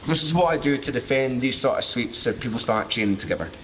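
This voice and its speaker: Expressive and fast-talking, a Glasgow man with a mid-range voice and broad Glaswegian accent teaches a live martial arts class from the mat, students around him. He keeps it jokey and cheeky, swearing freely. Long reverb trails his words over a slight hiss or hum.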